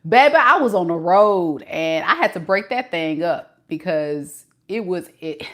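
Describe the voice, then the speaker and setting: A woman's voice: on the low side, expressive, unhurried. A woman in her forties from Southern California with a light Southern twang, chatting casually with viewers and laughing often. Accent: Southern California with a light Mississippi twang. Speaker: tarot reader. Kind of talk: casual live-stream chat.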